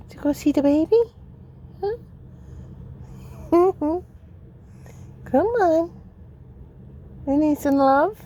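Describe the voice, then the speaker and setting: A woman's voice: high voice, big pitch swings, slow pace, pauses often, mellow, a little hiss or hum. A woman vlogging casually, laughing often and slipping into baby talk with a kitten. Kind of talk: casual vlog chat.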